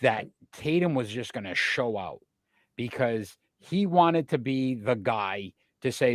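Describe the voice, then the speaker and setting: A man's voice: mid-range voice, animated, slow pace, no room sound. A man hosting a sports talk show, asking long winding questions full of statistics. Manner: asks long, winding questions packed with stats.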